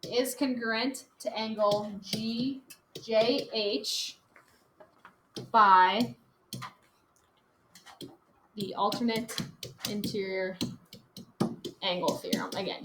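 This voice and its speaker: A woman teaching a geometry lesson to a class, upbeat and quick to laugh with her students. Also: medium pitch. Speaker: math teacher. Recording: echoey classroom, faint noise.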